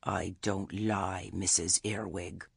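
A man voicing a stern old witch woman who speaks meekly and quietly, with menace under it. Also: a bass voice, flat delivery, takes it slowly, gravelly, husky, no echo, clean studio sound, heavily acted. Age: older. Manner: meek, soft-spoken, understated.

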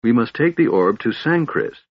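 A man's voice: medium pitch, expressive, moderate pace, breathy edge, no room sound, pitched above the performer's own voice. Man doing a terse young elf woman, voice lifted, muffled lo-fi audiobook sound. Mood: irritated. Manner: clipped, holding back irritation. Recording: dull, lo-fi audiobook recording.

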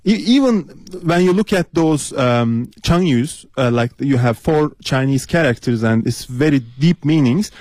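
A man's voice: mid-range voice, animated, unhurried, few pauses, a little mellow, dry recording. Hesitant man, radio guest. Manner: hesitant, many fillers, earnest. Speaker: studio guest. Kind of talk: radio interview. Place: radio studio.

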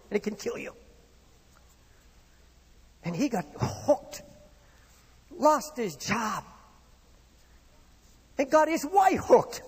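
A man's voice: very high-pitched, breathy edge. A man preaching a sermon with impassioned, rising and falling delivery, in a church hall. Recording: long reverb of a hall.

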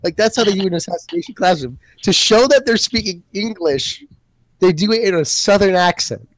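A man's voice: sits high, expressive, brisk, no echo. A young man chatting casually with friends, blunt and swearing freely. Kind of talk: casual podcast chat.

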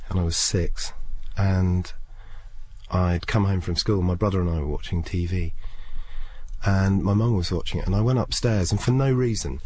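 A man's voice: low-pitched, a little hiss or hum. A man in his thirties, a comedian being interviewed, telling stories casually and acting out the voices of people he quotes. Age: 30s. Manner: lively storyteller, acts out voices in quotes.

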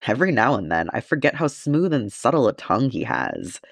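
A man's voice: medium pitch, huge pitch swings, fairly quick, creaky, no echo, exaggerated voice. A man reading the part of a wry male dwarf in an audiobook, in a dry, wry way.

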